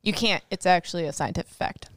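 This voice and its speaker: A woman co-hosting a movie podcast, making quick-witted arguments in casual banter. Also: on the low side, no room sound, studio quality. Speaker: podcast co-host.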